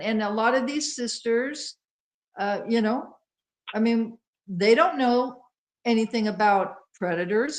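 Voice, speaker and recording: Woman, talk show co-host, earnest explaining, affectionate, higher voice. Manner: affectionate, calls people honey, earnest and explanatory. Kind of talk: casual talk show commentary.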